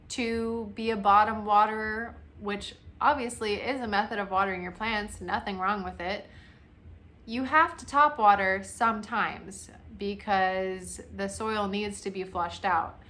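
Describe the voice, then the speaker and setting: A young woman in her twenties talks casually to her camera, chatty and self-mocking, often breaking into a laugh. Her voice has a bright, forward tone. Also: mid-range voice, steady tone, a little slow. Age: 20s. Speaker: plant vlogger.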